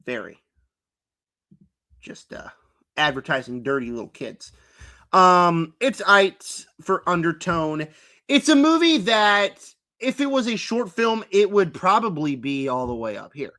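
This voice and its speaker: His voice runs on the high side, pushed and bright, as this young man rambles through a casual live-stream tier list of movies. He leans on fillers and mocks characters by quoting them in put-on voices.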